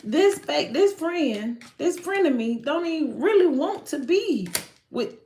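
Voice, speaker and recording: A woman giving a live tarot reading in an animated, slangy way, swearing and often breaking off mid-sentence. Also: high-pitched, unhurried, reverberant, a little hiss or hum. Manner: animated, slangy, swears, frequent self-interruptions. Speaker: tarot card reader.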